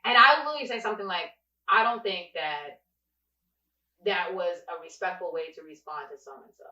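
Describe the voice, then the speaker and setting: A young woman talks in a bright, lively voice, telling her stories with plenty of emphasis. She sits a little back from a dull-sounding mic, so the room's echo carries around her. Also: fairly low pitch, normal speed. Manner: animated, emphatic storytelling. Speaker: podcast co-host. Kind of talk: casual podcast chat. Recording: echoey room, distant and dull mic.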